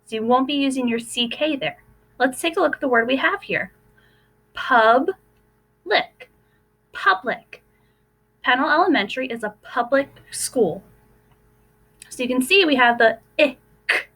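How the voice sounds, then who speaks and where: A young woman teacher giving a recorded phonics lesson to first graders, slowly sounding out letters and words. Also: high-pitched, lively intonation, sharp tone.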